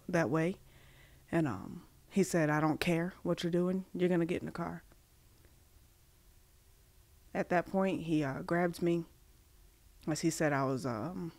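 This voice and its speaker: A woman from Massachusetts, a podcast guest, telling a personal story haltingly with many fillers and restarts, acting out the dialogue she quotes. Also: deep voice, no echo.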